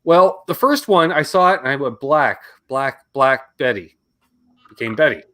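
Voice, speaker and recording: A man's voice: mid-range voice, lively intonation, moderate pace, fairly bright tone. A middle-aged Canadian man co-hosting a live guitar stream, chatting casually and reading out viewer names.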